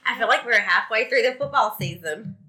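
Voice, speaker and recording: A woman's voice: on the high side, animated, fairly quick, bright, forceful tone. A woman in her thirties with a Southern American accent hosting a family podcast, chatty and wry, her voice stuffy from a cold. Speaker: podcast host, mother. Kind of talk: casual podcast chat.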